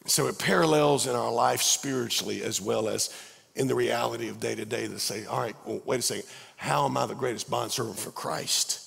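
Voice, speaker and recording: A hoarse man, losing his voice, preaching an earnest, pleading sermon as a pastor. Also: mid-range voice, moderate pace, fairly bright tone. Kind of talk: sermon altar call. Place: large church sanctuary. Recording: long reverb of a large church.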